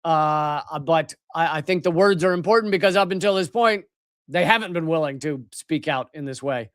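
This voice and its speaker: A man's voice: a little high, normal speed, fairly bright tone, no room sound, studio quality. A man hosting a live political commentary show, ranting sarcastically and profanely, often restarting his sentences. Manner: rambling with restarts. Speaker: host.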